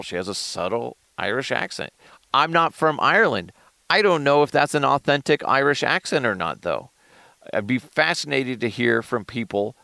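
Male solo podcaster, gravelly and animated, dry close sound. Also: on the low side, dry recording. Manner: animated, profane, jumps between shouting and mumbling. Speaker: podcast host. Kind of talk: casual solo commentary.

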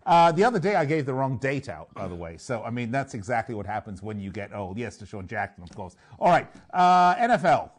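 A man's voice: medium pitch, very animated, brisk, hardly any pauses, slight background noise. A man hosting a sports betting radio show, chatting and joking, sometimes tripping over names.

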